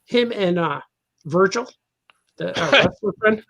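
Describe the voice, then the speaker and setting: A man's voice: high voice, animated, a little slow, a bit bright. A man, a cartoonist guest on a podcast, telling a casual anecdote, laughing often and acting out the people in his story.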